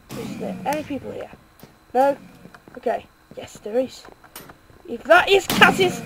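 Excitable woman commenting on gameplay. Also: sits high, noisy background. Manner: excitable, self-mocking, swears and cheers in bursts. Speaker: gaming video creator.

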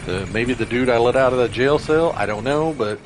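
A man hosting a let's-play, chatting to viewers as he plays and breaking into excited cheers, a bit out of breath. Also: medium pitch, fairly quick, a little hiss or hum. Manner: chatty, talks to viewers while playing, bursts into excited cheers. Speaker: gaming channel host. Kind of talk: casual let's-play commentary.

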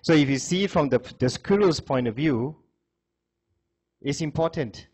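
A man's voice: a little high, animated, unhurried, a little mellow, slightly rough. A male lecturer telling a moral story to a class in a conversational way, with many fillers and repeated phrases.

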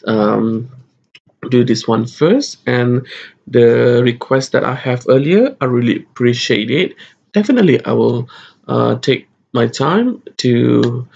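A man's voice: mid-range voice, vocal fry, darkish tone, husky, lo-fi sound. A man hosting a casual music reaction video, chatty and laughing often.

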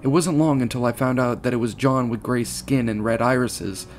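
A man reading a horror story aloud, steady, with small slips and restarts. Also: medium pitch, moderate pace. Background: faint guitar music.

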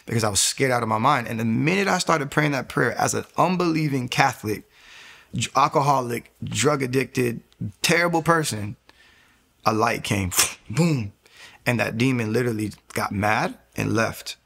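A man's voice: mid-range voice, moderate pace, creaky, fairly bright tone. A man telling his own faith testimony as an interview guest, earnest and candidly confessional. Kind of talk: personal testimony storytelling.

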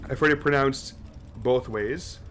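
A man's voice: mid-range voice, a little slow, fairly bright tone, slight background noise. Profane casual male game streamer. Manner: casual and profane, chatting with viewers. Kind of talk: live horror game stream commentary.

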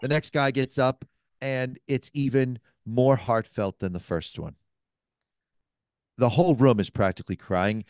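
A man with a smooth, clear voice tells a rowdy story, swearing freely and building it up with energy. The sound is dry and close, with no room echo, as in a mobile podcast studio. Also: mid-range voice, a little slow. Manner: animated, profane storyteller. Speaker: podcast guest, cigar shop owner. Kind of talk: anecdotal storytelling.

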